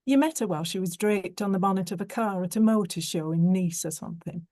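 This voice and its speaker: A woman voicing a teasing, sharp-tongued young woman in an audiobook reading, playful and mocking. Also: fairly low pitch, fast talker, no room sound, clean studio sound, natural voice.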